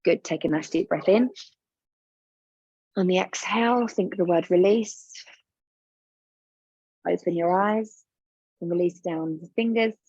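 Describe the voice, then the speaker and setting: A woman's voice: fairly low pitch, a little slow, pauses often, warm tone, dry recording, highs cut off. A woman business coach leading listeners through a guided coaching exercise, soothing and encouraging, often repeating her instructions.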